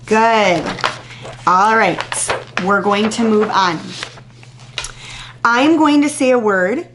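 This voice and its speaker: A woman teacher with a medium-pitched voice leads young children through a slow, deliberate phonics warm-up. She sounds out words crisply and, after pauses, offers patient, drawn-out, encouraging praise for each answer.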